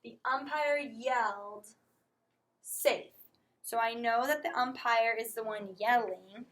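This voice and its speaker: A woman teacher slowly walking through a writing lesson step by step, stopping to correct her own slips. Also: on the high side, a bit bright, rough recording. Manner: slow, step-by-step explaining, apologizes for slips. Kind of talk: recorded classroom lesson.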